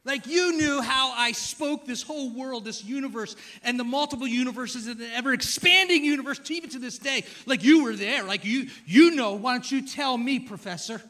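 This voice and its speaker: A loud, sarcastic God voice, as a man puts him on mid-sermon. He is mocking and exasperated, pitched high and ringing bright, leaning hard on each taunt. It sounds like a playful church retelling rather than a solemn reading. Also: normal speed, few pauses.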